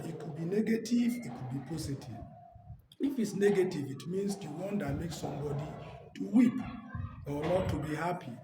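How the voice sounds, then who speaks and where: A man teaching an exam-prep English lesson, posing questions and answering them himself while repeating key terms. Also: sits high. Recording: roomy, distant mic, loud background noise.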